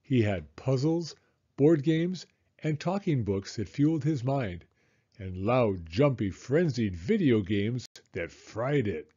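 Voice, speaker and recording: Slow, animated male storyteller. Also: mid-range voice, husky, highs cut off. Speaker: children's storyteller. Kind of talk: read-aloud storybook narration.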